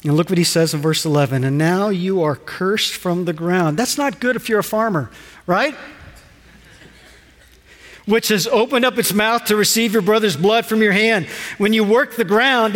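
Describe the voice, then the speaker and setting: Male pastor, high voice, animated sermon, lingering hall reverb. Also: a little slow. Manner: animated preaching, rhetorical questions, dramatized quotes.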